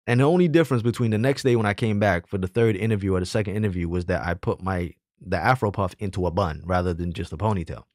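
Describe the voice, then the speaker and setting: Man ranting about his own experiences, low voice, dry close sound, earnest and pushy. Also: quick pace, dry recording. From Jamaican heritage, raised in the hood. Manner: earnest, argumentative, tells personal anecdotes. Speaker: commentator. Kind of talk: opinionated personal commentary.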